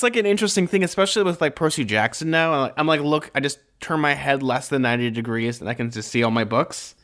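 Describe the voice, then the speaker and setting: A man's voice: medium pitch, a bit bright, clear, resonant tone. A man in the middle of his range co-hosting a casual podcast chat. He talks in a chatty, emphatic way, piling up fillers as he goes. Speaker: podcast co-host.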